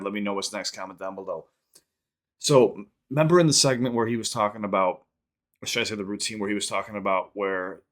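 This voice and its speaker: A man hosting a reaction channel, rambling through a story and quick sign-off plugs in casual chat. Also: on the low side, fairly bright tone.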